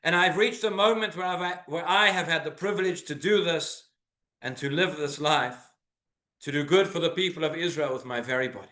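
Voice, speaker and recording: Rabbi guy preaching, high bright voice, lots of earnest questions, echoey shul. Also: moderate pace. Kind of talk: sermon. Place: synagogue.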